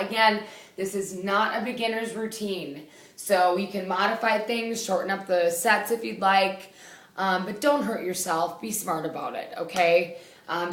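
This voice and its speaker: A woman leading a home workout, with a loud voice, out of breath as she exercises and counts reps in a chatty way. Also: medium pitch. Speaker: fitness instructor. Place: small indoor room. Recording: echoey room from a distance.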